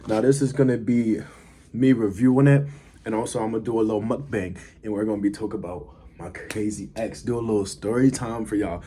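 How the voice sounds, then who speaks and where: A man's voice: fairly low pitch, fairly even intonation, brisk, dark tone. A man talking casually to camera, rambling with fillers as he reviews food and tells a story. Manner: laid-back, rambling with fillers. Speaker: vlogger.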